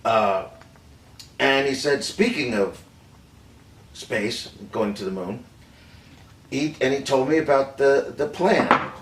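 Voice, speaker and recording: An actor playing an older film director who recalls a secret White House meeting, telling it haltingly with many fillers and restarts. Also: male voice, medium pitch, expressive. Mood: hesitant. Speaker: actor in a staged confession. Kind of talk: rehearsed improvised storytelling. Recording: roomy, distant mic, faint room noise.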